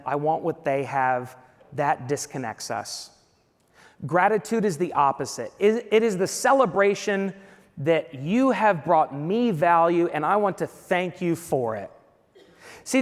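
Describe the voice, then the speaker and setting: A man giving a conference keynote, talking straight to the audience with bursts of excitement. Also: fairly high pitch. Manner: energetic, exclamatory, addresses audience directly. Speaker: keynote speaker. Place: large conference hall. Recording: reverberant hall.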